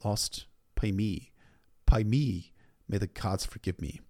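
A man voicing a stern young king who speaks in a measured, commanding way. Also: on the low side, darkish tone.

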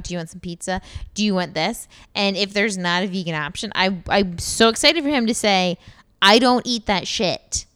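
A woman in her thirties, co-hosting a casual chat and speaking bluntly, animated and swearing freely. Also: medium pitch, smooth. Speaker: podcast co-host.

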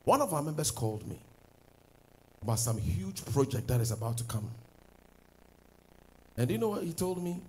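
A man preaching a sermon as pastor, swinging from loud declarations to low asides. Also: big pitch swings, moderate pace, pauses often, slight background noise, low-quality recording.

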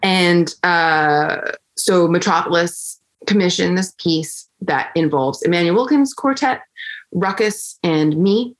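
A young woman flutist telling a story in a chatty, conversational way, full of fillers and restarts, getting animated when she quotes people. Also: lowish voice, slow pace. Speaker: flutist and interview guest.

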